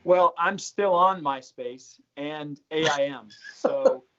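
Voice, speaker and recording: Man, comedy guest, dry jokes, slightly high, dull lo-fi. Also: sing-song, slow, vocal fry, a bit bright. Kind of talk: joking chat.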